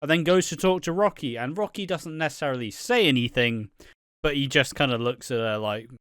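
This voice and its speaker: A man's voice: fairly high pitch, a little fast, fairly bright tone, clear, resonant tone, dry recording, studio quality. A young man co-hosting a casual podcast recap, swearing freely and acting out characters' lines. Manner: sweary, laughs often, acts out characters' lines. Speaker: podcast co-host.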